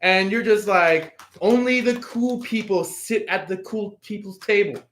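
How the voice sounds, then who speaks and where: A man giving a casual live tarot reading, filling his talk with pauses and acting out the people he quotes. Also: sits high, fairly bright tone. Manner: acts out quoted voices, laughs, filler-heavy. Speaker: tarot reader.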